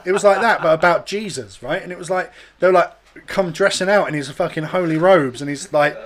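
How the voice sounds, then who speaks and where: A man telling a sweary, animated story on a casual podcast chat, acting out other people's voices. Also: high voice, a little fast, hardly any pauses. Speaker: podcast host.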